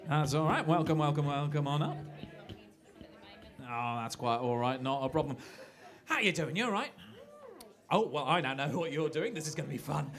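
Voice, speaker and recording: A man's voice: on the high side, lively intonation, moderate pace, long pauses, fairly bright tone. A man hosting a live cabaret night, chatty and jokey between acts. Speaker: host. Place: small club stage. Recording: live club with music.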